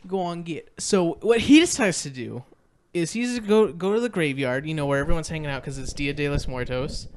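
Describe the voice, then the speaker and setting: A man's voice: a little high, animated, brisk, smooth. A man co-hosting a podcast, recapping a movie in casual chat, rambling with lots of fillers and restarts. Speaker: podcast co-host.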